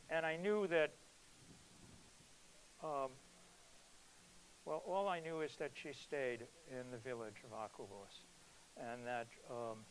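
A man's voice: medium pitch, slight background noise, low-quality recording. A man introducing his poetry at a reading, speaking in a hesitant, reflective way with frequent ums. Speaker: poet giving a reading. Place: cultural center hall.

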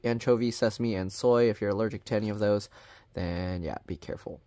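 A man casually reviewing a food product on his vlog, reading the label aloud in a plain, even way with chatty asides. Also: fairly low pitch, no room sound.

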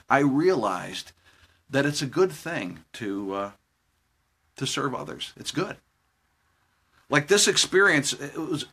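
A man's voice: mid-range voice, pushed and bright, husky. A man speaking live, giving a chatty devotional talk with jokes and chuckles as he tells a story from his youth. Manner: jokey, chuckling, conversational.

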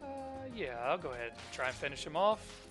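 A man's voice: fairly high pitch, lively intonation, a little fast, music in the background. A man hosting a let's play, thinking aloud and easily delighted as he plays. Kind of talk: casual gameplay commentary.

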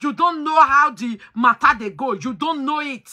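A woman's voice: sits high, normal speed, few pauses, sharp tone. A woman hosting a talk show, lecturing her listeners in an emphatic, preachy way and slipping into pidgin. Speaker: host.

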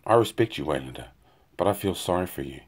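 A weary, proud male hunter with a deep, low voice, read by a man. He speaks tersely and grimly, with blunt, earnest questions. It is a plain audiobook dialogue voice, not a showy one. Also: lively intonation. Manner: terse, measured, grim.

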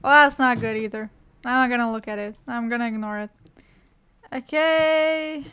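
High-voiced woman swearing through gameplay. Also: fairly even intonation, fast, sharp tone, clean tone. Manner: swears a lot, jokey and sarcastic. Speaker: let's play gamer. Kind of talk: horror gameplay commentary.

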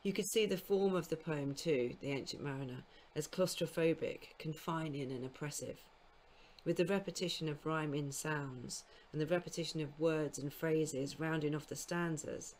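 A woman giving a recorded literature lecture to school students, explaining in a measured way and now and then correcting herself mid-phrase. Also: sits low, a little mellow, a little hiss or hum. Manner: speaks scansion aloud in sing-song beats. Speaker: university lecturer.

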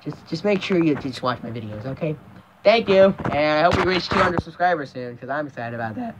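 A man's voice: fairly high pitch, expressive, fairly quick, noisy background. A young man ranting profanely and emphatically in a casual vlog, often stopping to restart a thought. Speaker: vlogger.

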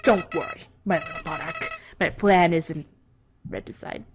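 A woman voicing a smug, menacing talking flower in a shrill, mocking voice over game music. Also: huge pitch swings, moderate pace. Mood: sneering. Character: sneering villainous talking flower, male, smug.

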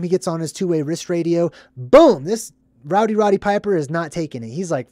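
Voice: mid-range voice, animated, a little fast, darkish tone, dry recording, studio quality. A host who breaks down a film in a casual, rambling way, acting out scenes with put-on voices and ending many sentences with a questioning "right?". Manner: conspiratorial, keeps asking "right?". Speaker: movie commentary host. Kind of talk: casual movie breakdown commentary.

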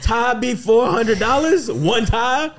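A fussy old grandpa, griping and high-pitched, as a young man puts him on for a laugh. The voice rides up well above a normal man's range, strained and exasperated. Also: expressive, takes it slowly, heavily acted. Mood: complaining. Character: creaky grandpa putting on a fuss.

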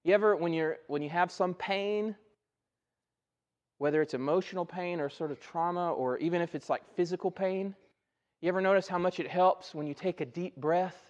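This pastor's voice sits high and moves at normal speed, with the highs cut off in the recording. Speaking in a church sanctuary, he gives his sermon in a conversational manner, frequently asking "right?".

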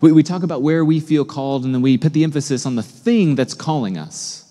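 A man preaching a sermon as a pastor, in a conversational, animated way, often asking his listeners questions. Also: on the high side, brisk, in a large hall. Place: church sanctuary.

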